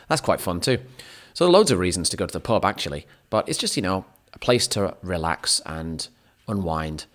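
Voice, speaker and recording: A man chatting casually as a teacher to his viewers, rambling, correcting himself and making joking asides. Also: low-pitched. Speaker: English teacher. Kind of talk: casual chat.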